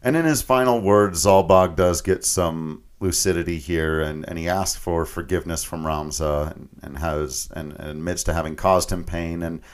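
Deep-voiced guy chatting about a game plot, laughs a lot, does little silly voices. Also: moderate pace, few pauses. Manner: laughing often, animated retelling with mock voices. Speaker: podcast co-host. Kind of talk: casual chat recapping a video game story.

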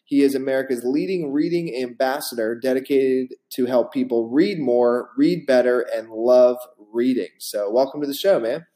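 A man's voice: mid-range voice, moderate pace, few pauses, warm tone. A man hosting a podcast interview in an upbeat, casual and friendly manner. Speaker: podcast host.

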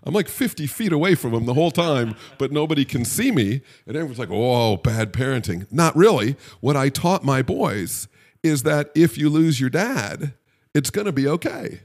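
Animated and fairly high-pitched, a middle-aged male co-host talks at a normal speed during a casual podcast conversation. He drifts wryly from point to point, often cutting himself off and restarting.

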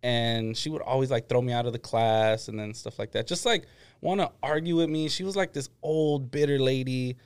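A man's voice: mid-range voice, normal speed, clear, resonant tone. A young man co-hosting a podcast, recalling school days in a rambling way full of "like". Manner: rambling, heavy use of "like". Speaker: podcast co-host. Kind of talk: casual chat.

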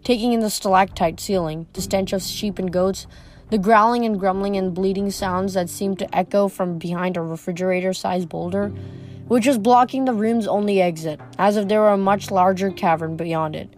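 A woman reading a novel aloud in a steady, plain storytelling voice. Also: mid-range voice, moderate pace, soft background music. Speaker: reader. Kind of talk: audiobook reading.

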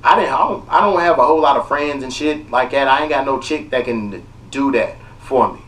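A man hosting a podcast, telling a story in casual chat with animated, profane energy. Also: medium pitch, brisk, far from the mic. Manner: profane, animated, heated retelling. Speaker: podcast host.

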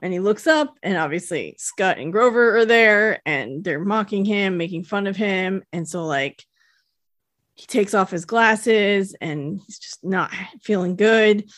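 A woman co-hosting a podcast, retelling a film's plot in a relaxed way with lots of "like". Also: medium pitch, measured pace, dry recording, clean studio sound. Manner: conversational, filler-heavy storytelling with "like". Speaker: podcast co-host. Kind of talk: casual chat retelling a film.

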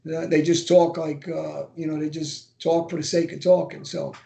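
A man's voice: fairly high pitch, flat delivery, normal speed, creaky, dark tone. A man co-hosting a podcast, talking loosely with many fillers. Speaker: co-host. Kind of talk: casual podcast chat.

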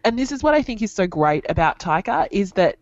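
A woman's voice: mid-range voice, sing-song, a little fast, a little mellow, dry recording. Giggly New woman, lo-fi sound. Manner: giggly, gushing, repeats phrases playfully. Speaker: podcast co-host. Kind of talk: casual chat. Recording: dull lo-fi dry sound.

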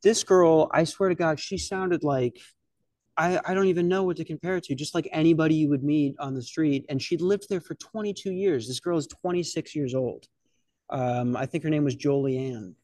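A man's voice: on the high side, moderate pace, a little mellow, dry recording, studio quality. A man hosting a podcast, telling a rambling story about open mic comedy in a casual, profane way with lots of restarts. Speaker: podcast host and novice stand-up comic.

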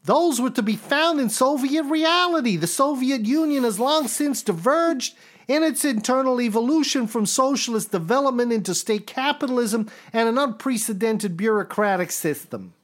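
A man putting on a high, jittery comic voice. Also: animated, normal speed. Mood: mock-dramatic. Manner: mock-dramatic, comic impression. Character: high-pitched jittery grown man reading a manifesto. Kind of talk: comic impression.

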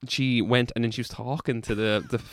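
A man's voice: mid-range voice, steady tone, brisk, fairly bright tone, a little hiss or hum. A young man with an Irish accent telling a long hospital story in casual chat, rambling, swearing freely, and laughing through it.

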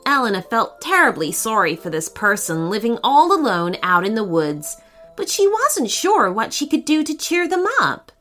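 A woman narrating a children's story in a gentle, expressive reading voice. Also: a little high, normal speed, faint music behind.

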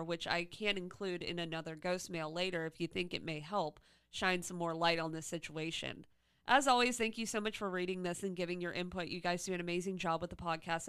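A woman co-hosting a podcast, reading a listener's ghost story email aloud at a steady pace. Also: on the low side, clean tone, no room sound.

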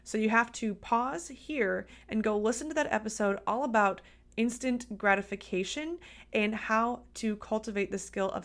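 A woman dietitian hosting a solo podcast, talking in an upbeat, chatty, coaching way. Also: mid-range voice.

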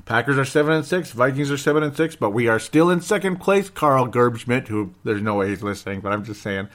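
A man's voice: mid-range voice, animated, a little fast. Man, sports podcast host, casual solo commentary, sarcastic, rambling. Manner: sarcastic, rambling, prone to mock outbursts.

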